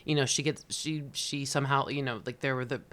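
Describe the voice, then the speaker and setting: A man's voice: mid-range voice, steady tone, a little fast, fairly bright tone. A man co-hosting a casual book podcast. He rambles through his ideas with many restarts and gets emotional as he talks. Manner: emotional, gets choked up while retelling. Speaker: podcast co-host.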